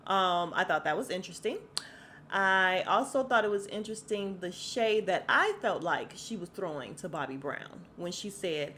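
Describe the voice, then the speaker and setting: A woman's voice: lowish voice, moderate pace, a little hiss or hum. Chatty woman podcaster dishing celebrity gossip. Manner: chatty, animated, laughs often, addresses listeners as y'all. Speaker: podcast host. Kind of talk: casual celebrity gossip rant.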